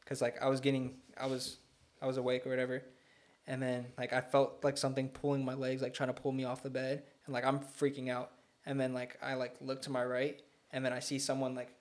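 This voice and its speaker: Flat-voiced young man telling a rambling story. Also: medium pitch, brisk. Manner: rambling, fills speech with "like". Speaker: guest. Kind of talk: casual storytelling.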